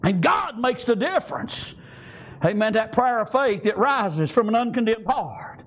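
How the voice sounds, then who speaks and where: Fervent, folksy male preacher with a very high voice, delivering a sermon. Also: expressive, measured pace, fairly bright tone. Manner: fervent, with frequent amens and praise Gods.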